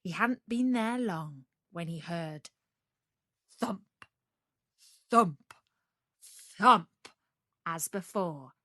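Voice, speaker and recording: A woman reading a fairy tale aloud for English learners, slow and expressive. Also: on the low side, no room sound, clean studio sound. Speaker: storyteller. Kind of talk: storybook narration for English learners.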